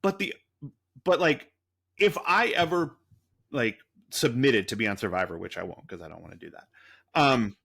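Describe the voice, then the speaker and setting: A man's voice: mid-range voice, animated, normal speed, vocal fry, pauses often, fairly bright tone. A man co-hosting a podcast, rambling through a story in a loose, profane, casual way. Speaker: podcast co-host.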